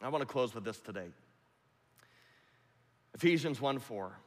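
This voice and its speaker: A man's voice: medium pitch, lively intonation, moderate pace. Emphatic preaching man in echoing hall. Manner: emphatic, repetitive preaching with big swings in loudness. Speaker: pastor. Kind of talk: sermon. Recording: long hall reverb.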